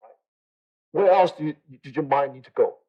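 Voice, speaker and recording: A man's voice: a little high, moderate pace, dull audio. A man teaching a meditation class in a conversational way, often checking in with his listeners and repeating phrases for emphasis. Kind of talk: dharma talk to a class.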